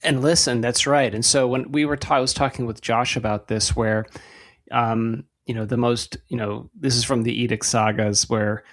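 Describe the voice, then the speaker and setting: A man's voice: medium pitch, steady tone, moderate pace, a bit bright. A man hosting a podcast interview, talking conversationally, affirming his guest and telling stories before asking questions. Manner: conversational, affirming, storytelling asides. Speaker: podcast host.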